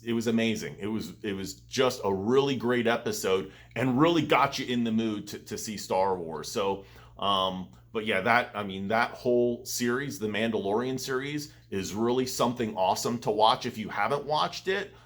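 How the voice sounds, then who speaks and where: A man's voice: medium pitch, moderate pace, a bit bright. A man hosting his own vlog, chatting casually and rambling enthusiastically as he tells a story. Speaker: vlogger, channel host.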